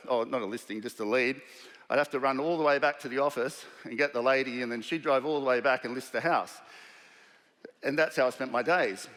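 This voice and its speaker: A man's voice: medium pitch, a bit bright. A man with an Australian accent telling a personal story to a live audience, acting out the voices of the people in it. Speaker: keynote speaker. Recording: long hall reverb.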